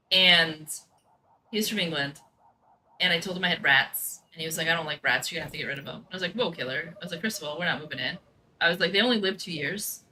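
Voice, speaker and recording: A woman's voice: on the low side, sharp tone. A woman streamer chatting casually while she plays a game, telling stories and acting out the lines of people in them, with some swearing. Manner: chatty storyteller, acts out quoted lines. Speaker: gaming streamer.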